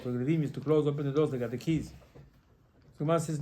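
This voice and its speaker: A man, a rabbi, giving an animated Torah lesson in halting English with many repetitions. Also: on the high side. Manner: animated, repetitive, non-native English phrasing.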